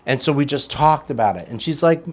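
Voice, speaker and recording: A man's voice: a little high, brisk. A man co-hosting a podcast, telling a casual story, swearing and acting out quotes. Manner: animated, swearing, acts out quotes. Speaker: podcast co-host. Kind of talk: casual storytelling in recovery talk.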